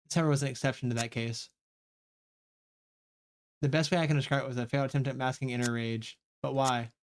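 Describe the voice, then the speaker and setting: A man's voice: medium pitch, steady tone, fast, clear, resonant tone. A man streaming a story game live, reading aloud and reacting with frequent swearing.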